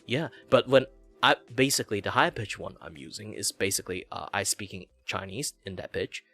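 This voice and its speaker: Malaysian man shifting his pitch a lot. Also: lively intonation, a little fast, creaky, fairly bright tone, soft background music. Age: 30s. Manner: keeps shifting his pitch from low to high to show off voices. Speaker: VTuber guest or co-host. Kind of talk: casual chat.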